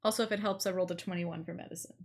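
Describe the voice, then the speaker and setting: A woman playing in a tabletop game, explaining her character's actions in a hesitant, halting way with many restarts. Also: lowish voice, steady tone, a little hiss or hum. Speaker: player. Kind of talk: casual tabletop play.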